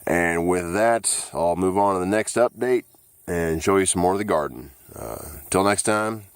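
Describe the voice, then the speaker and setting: A deep-voiced man strolls through his garden and chats to the camera. He talks easily and unhurriedly, dotting his sentences with "uh". The sound is dry and close, caught on the camera's own mic outdoors. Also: normal speed, smooth, no echo. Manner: easygoing, frequent "uh" fillers. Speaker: gardening channel host. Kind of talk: casual garden walkthrough vlog. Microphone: handheld camera mic.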